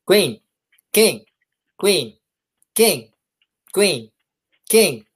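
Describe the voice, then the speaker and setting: A man's voice: sits high, big pitch swings, very slow, breathy edge. A man on a video call, giving short, terse answers as a volunteer in a magic trick.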